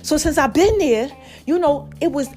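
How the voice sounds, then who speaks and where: A woman hosts her own podcast, telling a story in a casual, chatty monologue and speaking straight to her listeners, calling them "baby" and "y'all." Her voice is high, animated, and darkish in tone, at a moderate pace, with faint music behind it.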